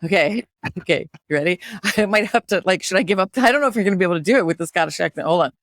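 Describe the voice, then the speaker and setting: A woman's voice: fairly low pitch, dry recording. Playful woman podcast host, dry close sound. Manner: playful, theatrical, quick to joke. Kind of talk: casual chat.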